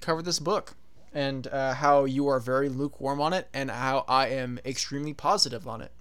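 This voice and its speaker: Blunt, weary man with a smooth voice. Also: mid-range voice, a little fast, a bit bright. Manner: blunt, weary, swears casually. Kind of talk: casual chat.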